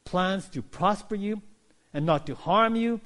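A male pastor preaching a sermon, telling stories in an animated way and acting out characters. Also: high-pitched, a little slow. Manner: animated storytelling, voicing characters.

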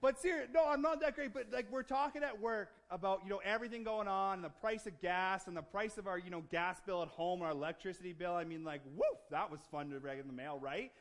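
A man preaching a sermon to his church, moving from relaxed, joking conversation to emphatic, building declarations. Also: high voice, quick pace, hardly any pauses. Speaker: pastor.

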